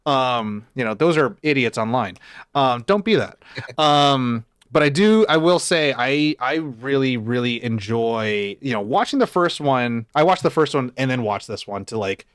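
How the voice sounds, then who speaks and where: Animated man in casual movie chat. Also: mid-range voice, unhurried, clear, resonant tone, no room sound, clean studio sound. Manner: animated, acts out lines in quoted voices. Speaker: podcast co-host.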